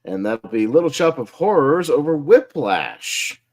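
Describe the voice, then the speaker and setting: A man's voice: a little high, big pitch swings, unhurried. A man hosting a casual online group chat, upbeat and laughing often as he runs the votes. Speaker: host.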